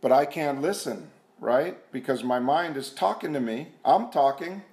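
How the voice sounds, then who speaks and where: A man giving an earnest, self-mocking personal testimony at a recovery meeting, repeating himself and sometimes dropping to a hushed voice. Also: medium pitch, animated, moderate pace. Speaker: speaker sharing at a recovery meeting. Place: meeting room.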